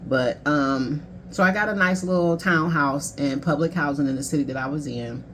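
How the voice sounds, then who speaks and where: A woman's voice: low-pitched, normal speed, fairly bright tone, a little hiss or hum. A woman in her thirties, a life coach, candidly telling a painful personal story in a casual, conversational way. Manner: candid, conversational, emotional, quoting others.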